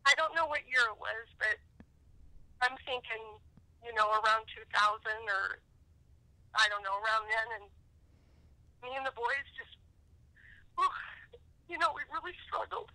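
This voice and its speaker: A woman's voice: fairly high pitch, expressive, measured pace, pauses often, sharp tone, dry recording, low-quality recording. A middle-aged woman calling in as the host's mother, tearful, emotional and sincere. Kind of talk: phone call.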